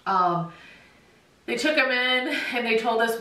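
A woman's voice: fairly high pitch, animated, measured pace, long pauses, bright, forceful tone. A middle-aged woman vlogging, telling a personal story to her viewers in a candid, chatty, heartfelt way. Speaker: dog-owner vlogger. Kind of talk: casual storytelling to camera. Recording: echoey room, voice a bit far from mic.

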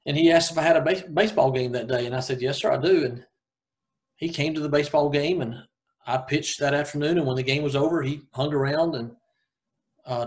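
Earnest southern man in his fifties. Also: a little high. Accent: Southern American. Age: 50s. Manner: earnest, halting with frequent restarts. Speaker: high school golf coach, guest. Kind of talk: casual interview storytelling.

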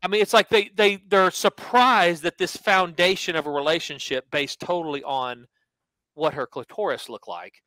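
A man hosting a sports podcast, telling a story in a casual, animated way and acting out quotes. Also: on the high side, moderate pace, no echo, low-quality recording. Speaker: podcast host and sports handicapper.

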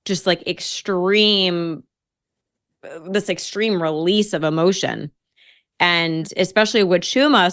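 A woman's voice: lowish voice, fairly bright tone, dry recording, studio quality. A woman guest on a podcast, telling a personal story casually and acting out her own quotes.

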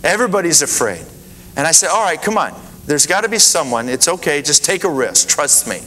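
A pastor tells a story from the pulpit with a lively, bright, somewhat high voice. He acts out what people said with rising animation. The sound rings in a hall with a faint hum of the room. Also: a little fast. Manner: animated, rising pitch when acting out dialogue. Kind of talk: sermon anecdote. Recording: reverberant hall with faint ambience.

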